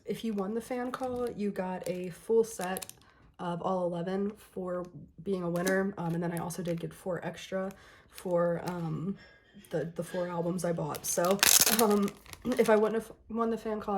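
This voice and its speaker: A young woman chatting casually through an unboxing, gushing and excitable, and losing her voice. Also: medium pitch, a little hiss or hum. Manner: gushing, excitable, lots of ums and laughs. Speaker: vlogger.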